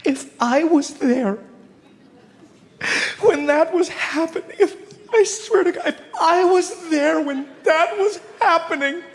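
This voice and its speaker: A man voicing an earnest, overwrought woman who speaks in slow, sobbing tones. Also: very high voice, expressive, voice pushed up, full character voice. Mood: tearful. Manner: drawn-out, sobbing delivery. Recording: long hall reverb, faint noise.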